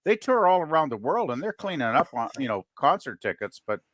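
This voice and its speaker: A man co-hosting a casual podcast, thinking out loud in long, rambling turns full of "you know" and "like.". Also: a little high, very animated, fairly quick, no room sound, clean studio sound. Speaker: podcast co-host. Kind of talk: casual chat.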